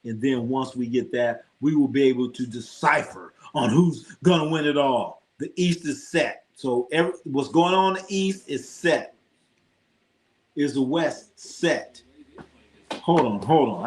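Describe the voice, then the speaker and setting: A man's voice: mid-range voice, measured pace. A man hosting a live sports stream, rambling and swearing casually as he reacts to scores and talks to his chat. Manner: rambling, profane, talks to chat, tells jokey anecdotes. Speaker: sports livestream host.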